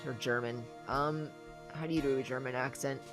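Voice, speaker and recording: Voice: medium pitch, steady tone, moderate pace, music in the background. A let's-play host casually chatting between reading lines of a game's text aloud. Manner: reads game text aloud with asides. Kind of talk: casual game commentary.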